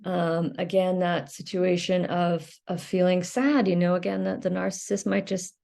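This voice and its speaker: A woman's voice: on the low side, steady tone, normal speed, vocal fry, warm tone. A woman giving an unscripted educational talk for her video channel, explaining in a loose, conversational way and searching for her words as she goes. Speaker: video creator on emotional recovery.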